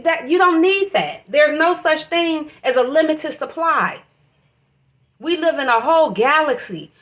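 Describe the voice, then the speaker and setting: A woman's voice: high-pitched, a bit bright. A woman giving an emotional, preachy spiritual monologue, swearing freely as she talks. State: emotional, voice catching. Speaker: vlogger.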